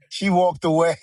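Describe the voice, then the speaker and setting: This middle-aged co-host of a podcast has a high voice with a darkish tone. He tells his stories casually and playfully, acting out what people said, and the recording has no room sound.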